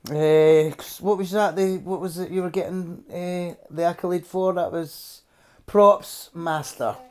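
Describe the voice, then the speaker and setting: A Scottish woman with a low voice, hosting a relaxed podcast from home. She tells her stories loosely, laughing often and swearing freely. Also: a little slow. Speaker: podcast host. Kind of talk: casual chat.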